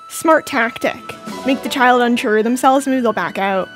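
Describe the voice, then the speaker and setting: A young woman streams a game at home in a cold room, playfully chatting with her viewers as she plays. Her voice is on the high side, at normal speed with few pauses, and faint music plays behind her.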